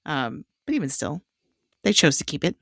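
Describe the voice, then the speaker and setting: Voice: mid-range voice, sing-song, moderate pace, vocal fry, sharp tone, no echo, studio quality. A podcast host in casual film chat, steering the talk with questions.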